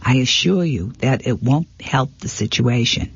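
A man voicing a brisk female insurance agent with a clipped manner in a storybook reading. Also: mid-range voice, lively intonation, vocal fry, breathy edge, lo-fi sound, exaggerated voice. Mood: placating.

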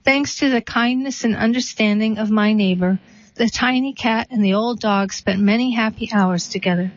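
A woman reading a short story and then a poem aloud, steady and unhurried. The recording is dry and a little dull, as if made close up on a modest microphone. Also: on the high side, dry recording. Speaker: reader.

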